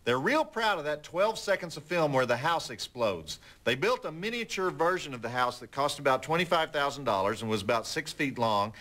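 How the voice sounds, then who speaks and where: A middle-aged man hosting a late-night movie show, telling stories and jokes in a wry, deadpan way. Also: on the high side, brisk, hardly any pauses. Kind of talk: folksy TV host patter and joke telling.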